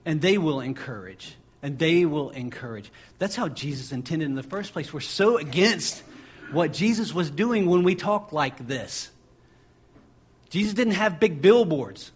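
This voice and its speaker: Husky-voiced preacher with driving repetition. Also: male voice, fairly high pitch, expressive, a little slow. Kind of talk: sermon.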